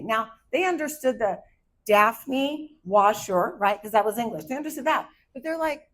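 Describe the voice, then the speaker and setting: Woman in her 50s doing stand-up, hyper and bouncy, voice sits a bit high. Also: moderate pace, rough recording. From Arizona, USA. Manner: hyper, animated storytelling. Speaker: stand-up comedian. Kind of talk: stand-up comedy set.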